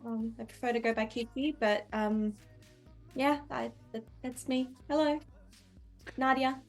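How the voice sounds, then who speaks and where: A woman with a fairly high voice joins a tabletop game and speaks in character. She is hesitant, stammers and restarts often, and sounds eager to please. Faint music plays behind her. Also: fairly even intonation, unhurried. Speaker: player. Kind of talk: in-character role-play.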